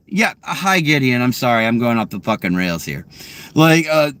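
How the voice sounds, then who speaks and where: A man ranting angrily and profanely from his car while answering live chat questions, swinging between loud outbursts and low muttering. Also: sing-song, moderate pace, smooth, no echo.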